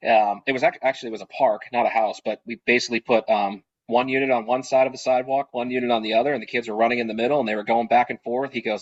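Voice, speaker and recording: A man with a slightly husky voice tells his stories in a loose, rambling way, full of fillers, restarts and asides. He sounds like a small business owner swapping tips on a video call. The sound is a little dull and muffled. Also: medium pitch, steady tone, fast talker, hardly any pauses. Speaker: party rental business owner. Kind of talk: casual storytelling on a video call.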